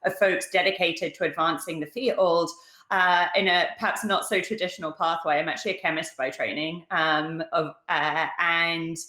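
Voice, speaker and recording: British woman, middle-aged, low-pitched, echoey room, articulate, fills pauses with um. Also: steady tone, bright, forceful tone. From London, England. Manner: articulate, many fillers. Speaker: guest. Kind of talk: casual interview talk.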